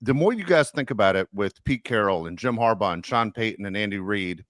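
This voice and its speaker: A low, deep-voiced man hosts a casual sports podcast. He rambles and jokes, circling back with fillers as he talks. The sound is close and dry, with no room in it. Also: lively intonation, fairly quick, a bit bright, no echo. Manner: rambling, joking, frequent fillers. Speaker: podcast host.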